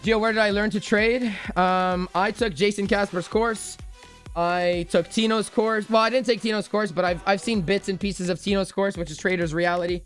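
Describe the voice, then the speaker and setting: A man's voice: high voice, steady tone, moderate pace, a bit bright, soft background music. A man streaming about crypto trading, answering viewer questions in a loose, joking, self-deprecating way with many restarts. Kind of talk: casual livestream chat answering viewer questions.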